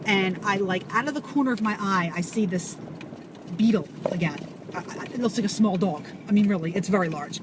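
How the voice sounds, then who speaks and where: A woman telling a story to camera in an animated, casual way, swearing and full of fillers. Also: mid-range voice, brisk. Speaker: vlogger. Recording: audible background noise.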